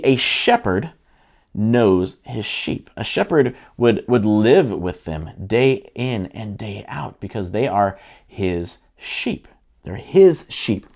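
A man's voice: medium pitch, darkish tone. A middle-aged man, a pastor, teaching a sermon in an earnest, conversational way with frequent restarts.

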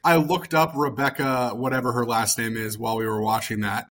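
A man's voice: mid-range voice, level tone, brisk, fairly bright tone. A man co-hosting a podcast, chatting casually and reacting in an easygoing way. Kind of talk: casual chat.

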